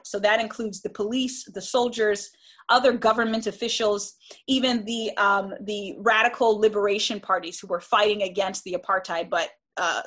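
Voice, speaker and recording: A woman's voice: medium pitch, a bit bright. A woman giving a classroom lecture in an earnest, emphatic way, often restarting and checking in with "right?".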